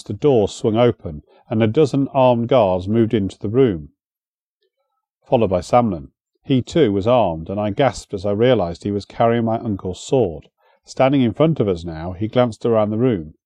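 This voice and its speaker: A man reading a historical adventure audiobook in a steady, measured storytelling manner. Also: on the low side, no echo. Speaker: narrator. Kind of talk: audiobook narration.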